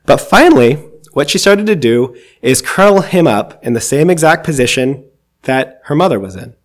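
A preacher with a medium-pitched, lively voice gives a conversational, reflective sermon at normal speed. He reads scripture aloud and explains it, with occasional fillers.

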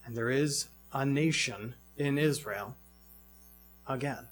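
A man's voice: medium pitch, takes it slowly, faint music behind. A man preaching a sermon in a reflective way, asking many rhetorical questions.

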